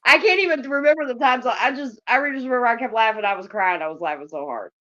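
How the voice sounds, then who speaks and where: A woman's voice: a little high, animated, fast, fairly bright tone, muffled recording. A woman hosting a casual live stream, chatting and swearing to her viewers.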